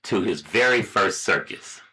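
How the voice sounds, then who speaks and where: A man co-hosting a casual talk show and telling a joke, doing squeaky voices for the characters. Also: expressive, a little slow, pushed and bright, rough recording. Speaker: co-host.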